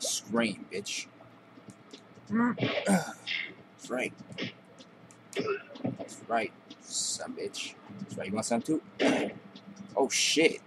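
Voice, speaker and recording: A man's voice: mid-range voice, wildly swooping pitch, drawn-out words, pauses often, noisy background. A young man giving casual, profane trash-talking commentary while playing a video game. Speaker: gameplay commentator.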